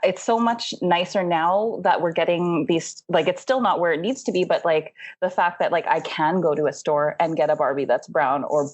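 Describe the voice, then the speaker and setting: Rambling young woman, low-pitched. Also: moderate pace, few pauses. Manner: rambling, says "like" constantly, laughs often. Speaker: podcast co-host. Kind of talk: casual chat.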